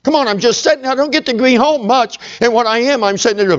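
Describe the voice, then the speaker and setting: A man's voice: extremely high pitch, fast, muffled recording. A middle-aged male pastor telling a humorous personal story in a sermon, talking straight to his congregation. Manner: folksy, humorous, talks to the congregation.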